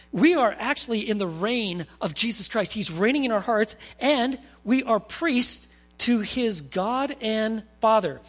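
A male pastor preaching a sermon, retelling stories with animated, conversational asides to the congregation. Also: high-pitched, vocal fry, slightly rough.

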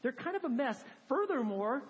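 Brief: chatty, emphatic woman preacher, slightly high voice, long hall reverb. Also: very animated, normal speed. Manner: conversational, emphatic, many fillers. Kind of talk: sermon.

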